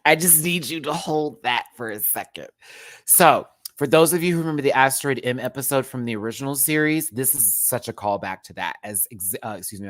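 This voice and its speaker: A woman's voice: very deep voice, dry recording. A woman hosting a live recap show, ranting casually and expressively, laughing often and swearing freely.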